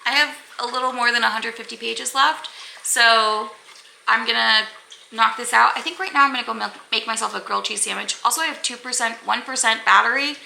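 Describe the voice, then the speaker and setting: A woman's voice: a little high, steady tone, brisk, creaky, bright, forceful tone. A young woman chatting casually to her camera in a reading vlog, rambling with lots of "like"s and little laughs. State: teary, crying. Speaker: book vlogger. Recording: echoey room, faint background noise.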